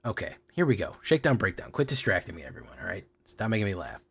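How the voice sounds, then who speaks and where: A man's voice: on the low side, quick pace, creaky, breathy edge. A man hosting a card game stream, talking in a playful, joking way. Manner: playful, joking, lively delivery. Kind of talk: casual stream commentary.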